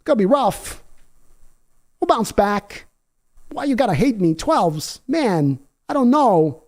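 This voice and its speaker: Brief: man doing a wounded pro quarterback, whiny, higher than usual, mellow tone. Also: sing-song, slow pace, full character voice. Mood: sulky. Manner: whiny, wounded, fishing for sympathy. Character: sulky self-pitying male star quarterback.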